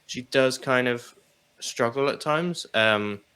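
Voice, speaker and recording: A man co-hosting a casual wrestling talk show, animated and quick to laugh and swear. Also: mid-range voice, smooth. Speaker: podcast co-host.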